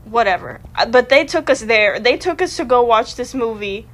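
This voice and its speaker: A woman in her twenties co-hosting a podcast, talking softly and hesitantly with trailing fillers. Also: a little high, animated, moderate pace. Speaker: podcast co-host. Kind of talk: casual chat.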